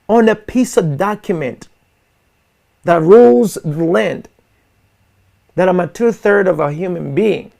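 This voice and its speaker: Gravelly, high-pitched impassioned male host. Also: animated, measured pace. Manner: forceful, repetitive, addresses listeners as guys. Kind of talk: impassioned monologue to an online audience.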